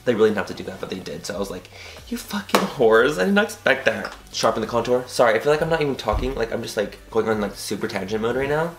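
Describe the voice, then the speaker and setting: Fast-talking, swearing young man doing makeup. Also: on the low side, echoey room, noisy background. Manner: animated, swears casually, rambles into tangents. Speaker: beauty vlogger. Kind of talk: chatty makeup tutorial.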